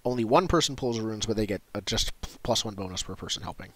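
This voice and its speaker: A man acting as game master, explaining rules and narrating scenes in quick, casual talk. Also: on the low side, fairly bright tone. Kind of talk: running a tabletop role-playing game.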